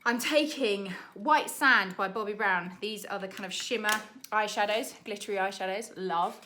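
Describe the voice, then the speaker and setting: A young British woman, a makeup artist, chatting to camera in a rushed, laughing tutorial while doing her makeup. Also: medium pitch, sharp tone, slight background noise. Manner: chatty, rushed, laughing under time pressure.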